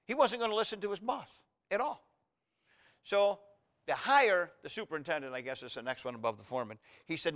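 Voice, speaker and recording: Bright-voiced preaching man. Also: a little fast. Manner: emphatic preaching that rises high and loud on key points; drops to a quiet, soft voice in prayer. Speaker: pastor. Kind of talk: sermon.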